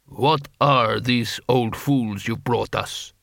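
A man voicing a sneering, contemptuous male ninja leader who speaks slowly. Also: vocal fry, fairly bright tone, dry recording, clean studio sound. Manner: slow, low and contemptuous.

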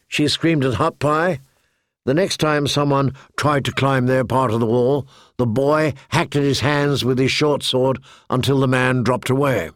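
A man narrating a story in a measured, deliberate way into a close studio mic. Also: mid-range voice, dry recording. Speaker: audiobook narrator. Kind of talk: scripted narration.

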